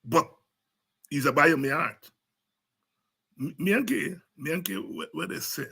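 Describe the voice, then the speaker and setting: A man's voice: on the high side, measured pace, vocal fry, pushed and bright, slightly rough. A man with a Guyanese Creole accent giving fiery, preaching political commentary as a show host, repeating himself and sliding into Creole.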